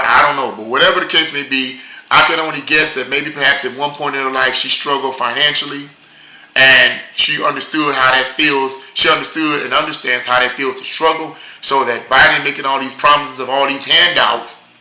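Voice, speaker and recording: A man's voice: mid-range voice, sharp tone, roomy sound, poor audio. A man giving casual political commentary as a show host, rambling and repeating words as he goes.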